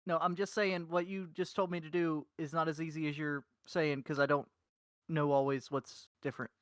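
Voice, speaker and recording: A man's voice: on the high side, little pitch movement, moderate pace, fairly bright tone, clear, resonant tone, no echo, studio quality. A man playing in a tabletop game, casual and stammering when he gets flustered. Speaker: player.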